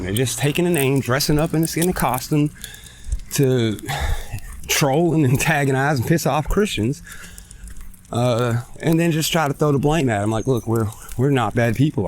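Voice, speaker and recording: A man of middling pitch delivers a blunt, profane rant, pressing his points hard. He talks while walking outdoors in a park, slightly out of breath, with faint noise in the background. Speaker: podcast host. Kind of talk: ranting monologue. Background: faint traffic and kids.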